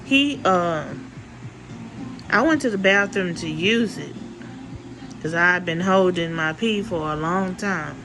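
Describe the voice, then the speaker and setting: A woman's voice: on the low side, takes it slowly, long pauses, background noise. A woman vlogger telling a story in casual speech, blunt and full of swearing, repeating herself for emphasis.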